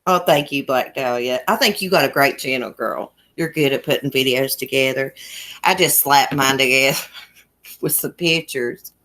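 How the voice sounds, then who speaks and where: A low-voiced country woman from Southwest Virginia, her tone fairly bright and her accent Southern Appalachian, runs a YouTube livestream from home in a small mountain town. Chatty and folksy, she reads through comments and laughs often.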